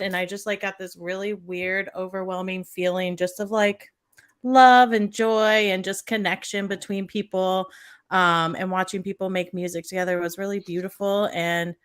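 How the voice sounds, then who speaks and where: A woman co-hosting a live podcast, telling a personal story in casual chat with many fillers and pauses. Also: mid-range voice, a bit bright. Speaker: podcast co-host.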